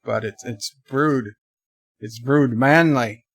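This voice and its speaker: A man's voice: medium pitch, slow pace, no room sound, studio quality, voice pushed down. A man voicing a boastful, crude Australian bloke in an exaggerated fake Australian accent, rambling and joking. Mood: joking bravado.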